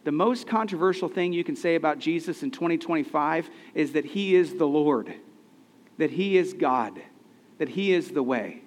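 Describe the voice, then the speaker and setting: Earnest pastor preaching in a reverberant hall. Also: male voice, on the high side, animated, moderate pace. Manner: conversational, earnest, rhetorical questions. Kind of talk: sermon.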